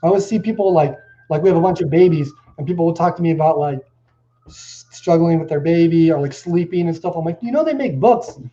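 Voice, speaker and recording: A man speaking as an interview guest, loose and casual, telling stories with "like" scattered through every sentence. His voice is dark and mellow, and the audio sounds dull and lo-fi. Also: fairly high pitch, steady tone, quick pace. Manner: casual, filler "like" everywhere, storytelling. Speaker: guest, company CEO.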